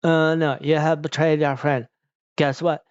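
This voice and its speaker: Wooden heroine reciting lines all formal and flat, guy mocking her, dry dull mic. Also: on the high side, unhurried, clean tone, no echo, pitched above the performer's own voice, close to an everyday voice. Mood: mock solemn. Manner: flat, memorized, over-formal delivery.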